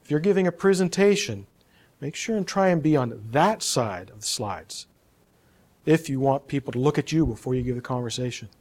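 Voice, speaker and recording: A man's voice: mid-range voice, normal speed. A man giving a live talk on public speaking in a presentation room, demonstrating points and asking the audience questions. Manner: lively, demonstrative, quizzes the audience.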